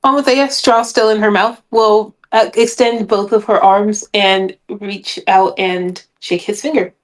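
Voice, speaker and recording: A woman's voice: medium pitch, fairly even intonation, measured pace, rough recording. A woman playing a tabletop role-playing game, describing her character's actions in a cheerful, giggly way. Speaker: player. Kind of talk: tabletop role-play chat.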